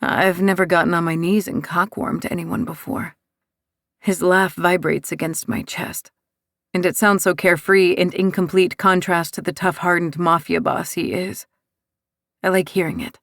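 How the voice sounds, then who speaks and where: A woman narrating a first-person romance audiobook in a soft, intimate, unhurried way. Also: lowish voice, steady tone, no room sound, studio quality.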